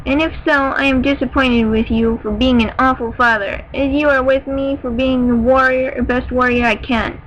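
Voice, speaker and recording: A young cat warrior hurls back indignant, raised words, voiced by a woman reading a story. The voice is pitched a little higher and louder than her narration, with a faint hum of noise in the background. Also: steady tone, normal speed, hardly any pauses, highs cut off. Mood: furious. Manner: shouting, indignant.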